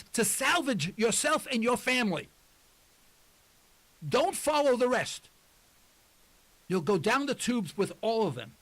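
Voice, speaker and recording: Older male talk radio host in his sixties, high and bright voice, impassioned and rambling. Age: 60s. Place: radio studio.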